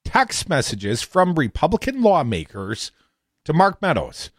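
A man's voice: a little high, wildly swooping pitch, a little slow, slightly rough, no room sound, studio quality. A man co-hosting a political talk radio show, reading news aloud with emphasis.

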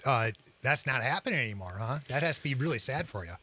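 A man's voice: mid-range voice, animated, quick pace, sharp tone, husky. A man hosting a radio show, giving upbeat announcer patter and easy banter from a studio. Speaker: radio host.

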